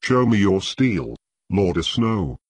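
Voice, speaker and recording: Audiobook: man reading a contemptuous drill master, cold and cutting, low and dry. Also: very animated, slow, husky, no echo, heavily acted. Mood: sneering. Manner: taunting, contemptuous. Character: cold, sharp-voiced, sneering male master-at-arms.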